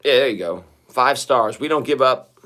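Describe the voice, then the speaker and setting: A man's voice: mid-range voice, animated, moderate pace, bright, forceful tone. A man in his forties hosting a casual livestream chat, rambling along with wry, self-mocking humor. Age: 40s. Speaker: livestream host.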